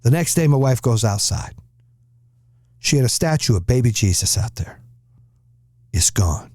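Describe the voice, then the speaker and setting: A man's voice: medium pitch, normal speed, dry recording, studio quality. A middle-aged man hosting a podcast, telling a story in casual chat with lots of swearing and acted-out quotes. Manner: animated, profane storyteller acting out quotes. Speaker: podcast host.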